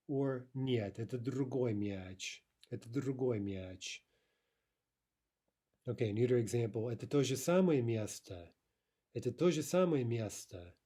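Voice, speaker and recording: A man teaching a language lesson, explaining grammar with many fillers and repeating each example slowly. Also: mid-range voice, dark tone, slightly rough.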